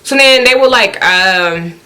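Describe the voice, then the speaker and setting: A woman with a Southern country accent telling a story on her vlog, animated and acting out what people said in high, excited exclamations. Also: slow pace. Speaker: vlogger.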